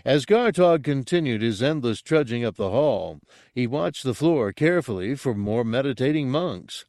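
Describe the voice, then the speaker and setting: A man reading a story aloud in a steady, measured narration. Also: mid-range voice, dry recording, clean studio sound. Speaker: audiobook narrator.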